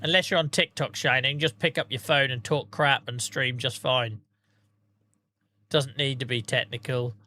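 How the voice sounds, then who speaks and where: A man's voice: medium pitch, steady tone, moderate pace, bright, forceful tone. A tired man chatting casually to viewers on a live stream, rambling, swearing freely and laughing at himself. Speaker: game streamer.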